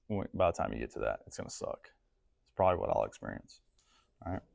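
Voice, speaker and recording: A man's voice: extremely low pitch, sing-song, fast talker, creaky, darkish tone. A man coaching a class in a gym, talking casually and checking in with frequent questions. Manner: casual, asks the group questions often. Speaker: strength coach.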